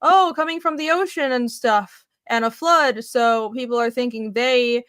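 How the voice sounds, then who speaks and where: A woman co-hosting a casual podcast chat, talking in animated bursts with quick asides and laughs. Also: a little high, dry recording. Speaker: podcast co-host.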